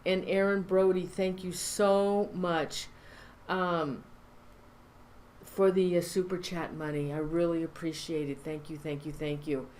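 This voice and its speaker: A woman's voice: on the low side, level tone, darkish tone, a little hiss or hum. A woman hosting a live online show, talking casually and rambling, with lots of fillers and restarts. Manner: rambling, halting with many fillers. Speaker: show host. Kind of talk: casual live-stream talk.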